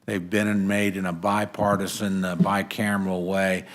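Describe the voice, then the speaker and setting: A man with a slightly low voice addresses a committee in a hearing room. He speaks earnestly and at a measured pace, with frequent "uh" pauses between phrases. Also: level tone, crowd noise. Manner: measured, many "uh" fillers, earnest. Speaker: congressman testifying at a committee hearing. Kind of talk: formal committee remarks.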